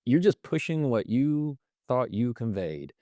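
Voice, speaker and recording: A man's voice: medium pitch, very animated, a little slow, warm tone, dry recording, clean studio sound. A man on a podcast as a guest, explaining communication habits through everyday examples and acting out the lines people say. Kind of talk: conversational explanation.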